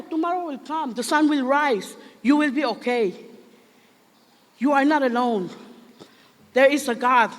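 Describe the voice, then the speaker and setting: Earnest Palauan woman speaking in a hall. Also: sits high. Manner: earnest, asks the crowd rhetorical questions; mixes English with Palauan. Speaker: commencement speaker. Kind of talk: speech to graduates.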